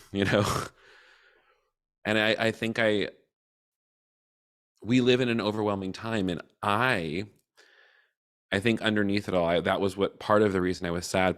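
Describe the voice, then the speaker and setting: A man candidly reflecting on his feelings in a personal talk, open and emotional, with casual swearing and halting restarts. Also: low voice, clean tone. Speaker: cohort facilitator.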